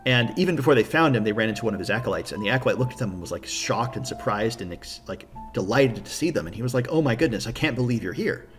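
A man's voice: fairly low pitch, lively intonation, quick pace, hardly any pauses, a bit bright, faint music behind. A man acting as a game master, casually recapping his tabletop campaign with enthusiasm and rambling fillers.

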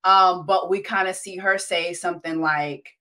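An American woman hosting an interview, chatty and lively with casual slang. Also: on the low side, moderate pace. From United States. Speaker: podcast host.

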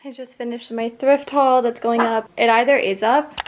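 A woman's voice: on the high side, steady tone, normal speed, noisy background. A young woman vlogging in a casual, candid way, talking straight to her viewers. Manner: chatty, candid, talks to viewers directly. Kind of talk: casual vlog chat.

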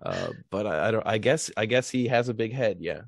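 A man's voice: lowish voice, wildly swooping pitch, brisk, vocal fry, no room sound, clean studio sound. A man co-hosting a comedy podcast, teasing and incredulous in casual banter, often breaking into laughs. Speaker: podcast co-host.

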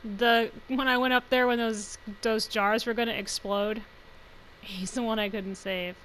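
Brief: young woman gamer, higher voice, giggly and rambling, light noise behind. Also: fairly even intonation, a little slow, a bit bright, rough recording. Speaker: gaming channel host. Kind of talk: let's play commentary.

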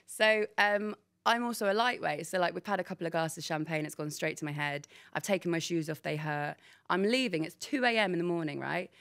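A woman, telling animated stories in a casual podcast chat. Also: fairly quick. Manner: animated, laughing, quotes people with big pitch jumps. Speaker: guest, sports presenter.

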